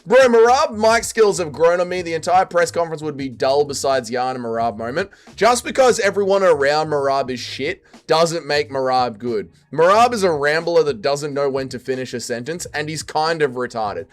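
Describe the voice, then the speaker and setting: A young man casually chatting on a livestream and reading viewer comments aloud, jumping between loud quips and low mutters. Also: expressive, moderate pace, hardly any pauses. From Australia. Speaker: streamer reading chat.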